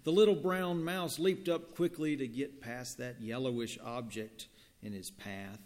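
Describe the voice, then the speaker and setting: A male pastor reading scripture and telling a story in a sermon, in a gentle, deliberate manner, in a church. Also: mid-range voice, fairly even intonation. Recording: long church reverb.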